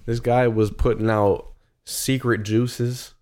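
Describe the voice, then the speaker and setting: A man's voice: medium pitch, flat delivery, slow, darkish tone. A young man co-hosting a podcast, telling crude jokes and stories in casual chat with a Canadian accent. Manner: joking, crude, storytelling. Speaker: podcast co-host.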